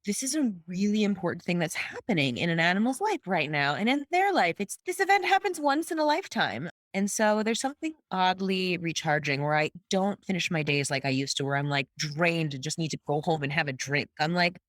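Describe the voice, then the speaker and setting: A woman's voice: fairly low pitch, big pitch swings, fairly quick, few pauses, fairly bright tone, no echo, clean studio sound. A woman in her thirties, a veterinarian guest on a podcast, speaking reflectively in casual conversation. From United States. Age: 30s. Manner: reflective, thoughtful. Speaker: guest, in-home euthanasia vet.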